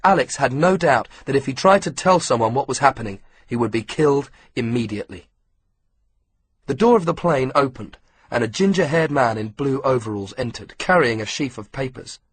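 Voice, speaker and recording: A male audiobook narrator reads a scripted passage at a steady, measured pace. His middle-pitched voice is husky and breathy.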